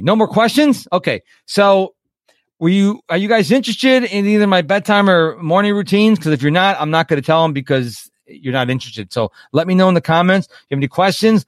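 A man hosting a live webinar as a coach, chatty and lively, acting out quotes and checking in with his listeners. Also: high voice, fairly quick, dry recording, studio quality. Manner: chatty, animated, acts out quotes and checks in with "okay?".

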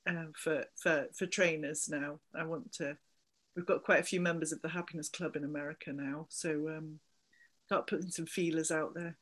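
A woman's voice: low voice, sharp tone. A woman in her forties with a slight Somerset twang, chatting upbeat as a guest in an interview and laughing easily. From England. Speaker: guest, business founder. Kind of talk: casual interview chat.

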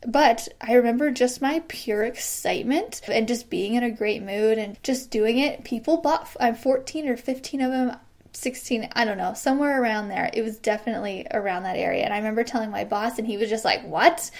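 A woman in her thirties hosting a casual solo podcast, bubbly and quick to laugh. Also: on the high side. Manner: bubbly, laughs often, acts out quoted excited voices. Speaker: podcast host.

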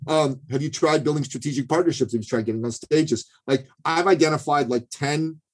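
A man's voice: on the high side, a little fast, slightly rough, poor audio. A man speaking as a guest in a podcast interview, coaching listeners on sales in an emphatic, pushy way with many asides and restarts.

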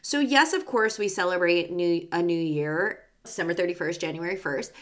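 Speaking at a moderate pace with a lowish voice, a young adult woman runs a spiritual podcast as a psychic medium. The talk is casual, chatty and bubbly, full of filler words.

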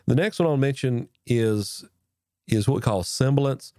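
A man hosting a podcast, casually explaining mic technique in a folksy way while he speaks into a boom-arm microphone with a foam cover. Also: moderate pace, darkish tone, no echo, studio quality. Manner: folksy, repeats and restarts while demonstrating at the mic. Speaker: podcast host teaching audio gear. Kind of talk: casual instructional talk to camera. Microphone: boom-arm microphone with foam cover close to his face.

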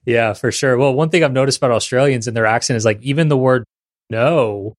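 A man hosting a podcast interview, asking questions in a relaxed, friendly, casual way. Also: medium pitch, fairly quick. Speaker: podcast host.

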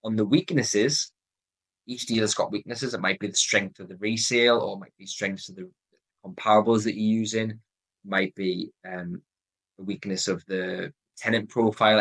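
This solo advice podcast features a Geordie-accented man from North East England, his fairly low, fairly bright voice slightly rough on a rough recording. He coaches listeners earnestly through a decision method, repeating the key points.

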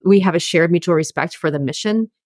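A woman's voice: fairly low pitch, fast talker, darkish tone, no room sound, clean studio sound. A woman in her forties, a career coach, talking candidly as an interview guest and telling her story with lots of fillers. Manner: candid, chatty, many fillers. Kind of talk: conversational storytelling.

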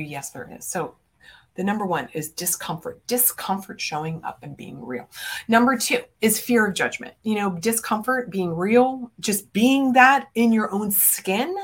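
A middle-aged woman coach delivers a motivational podcast monologue in a slightly low voice. She is blunt and emphatic, swears casually, and puts hard questions to the listener. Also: slightly rough. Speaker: business coach and podcast host.

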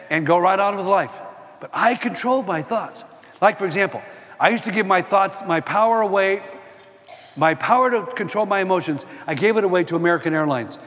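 An older man giving a sermon-style talk, telling personal stories and quoting scripture in an animated way. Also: sits high, in a large hall. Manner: animated storytelling, quoting scripture and acting out exchanges. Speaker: Christian speaker.

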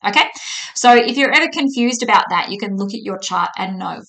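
A woman's voice: mid-range voice, fast, fairly bright tone. A woman in her thirties hosting a solo podcast, explaining things in a chatty way and often checking in with "okay?". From Australia. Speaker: podcast host.

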